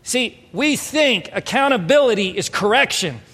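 Man, pastor, sermon, high voice, earnest and emphatic, long hall reverb. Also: lively intonation, normal speed, husky. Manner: earnest, emphatic preaching with swings between soft storytelling and raised exhortation. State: emotional, near tears. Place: church hall.

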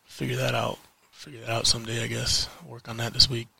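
A man ranting in a frustrated vlog, heated and swearing, repeating phrases for emphasis with weighty pauses. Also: mid-range voice, little pitch movement, gravelly, sharp tone, husky. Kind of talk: frustrated political rant to camera.

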